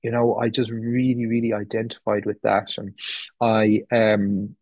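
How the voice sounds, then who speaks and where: A man in his thirties from the west of Ireland tells his recovery story in a meeting room, speaking with an Irish accent in a candid, rambling way full of fillers and restarts. His lowish voice has little pitch movement and a slightly slow pace. The audio is phone-quality with no room sound.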